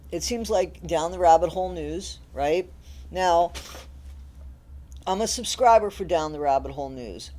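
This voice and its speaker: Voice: medium pitch, darkish tone, rough recording. A channel host giving casual, emphatic commentary to viewers, repeating points and restarting phrases while making an argument.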